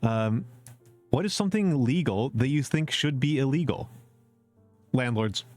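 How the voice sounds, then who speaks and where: A man's voice: medium pitch, lively intonation, unhurried, darkish tone, faint music behind. A man streaming a casual question-and-answer chat, opinionated and repeating his points for emphasis, with many fillers. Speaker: VTuber streamer.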